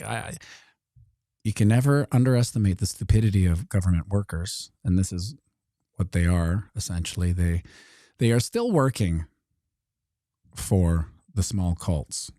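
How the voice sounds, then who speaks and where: A man hosting a casual commentary monologue, sarcastic, often acting out mock dialogues in quick changes of voice. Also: sits low, mellow, no room sound, studio quality. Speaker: host.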